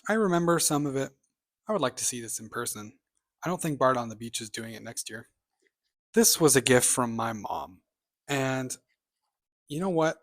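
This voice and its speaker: A man's voice: medium pitch, expressive, normal speed, pauses often. Male vlogger, mid-range voice, casual bookshelf chat, opinionated and rambling with offhand asides. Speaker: booktube vlogger.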